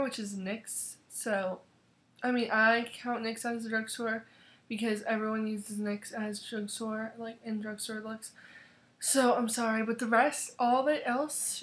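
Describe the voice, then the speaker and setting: Chatty young woman with a high voice. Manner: rambling and chatty, many fillers and self-corrections. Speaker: beauty vlogger. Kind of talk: casual makeup tutorial chat.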